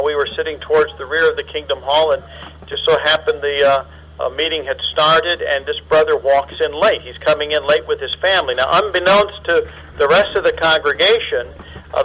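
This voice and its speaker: A man's voice: on the high side, a bit bright, poor audio. A man giving a sermon as a circuit overseer, asking his audience questions and chuckling often. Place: meeting hall before an audience.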